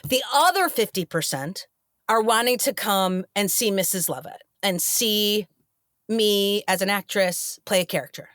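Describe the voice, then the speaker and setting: A middle-aged actress in a casual interview, telling stories and acting out the voices of the people in them. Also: female voice, mid-range voice, unhurried, dry recording, studio quality. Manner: animated, acts out quoted dialogue. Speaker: actress guest.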